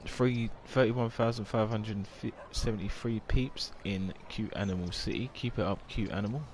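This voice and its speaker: Man, deep low voice, rambling live-stream chat, faint background hiss. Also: a little slow. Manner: rambling, chatty, reads viewer comments aloud.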